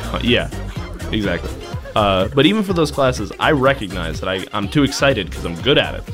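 A man's voice: fairly low pitch, very animated, a little fast, over music. A young man on a casual podcast, telling a self-mocking story with voiced asides and frequent laughs. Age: young adult. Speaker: podcast co-host. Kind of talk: casual chat.

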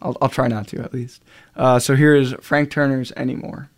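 Halting young man DJ, filler-heavy. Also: medium pitch, flat delivery. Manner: halting and rambling, full of filler sounds. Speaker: radio DJ. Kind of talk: casual radio chat between songs.

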